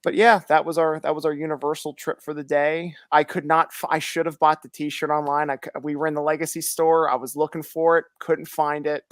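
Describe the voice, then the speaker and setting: A man's voice: on the high side, little pitch movement, brisk, few pauses, no echo, studio quality. A man in casual chat who tells stories with lots of energy, acts out the voices of the people he quotes, and laughs often.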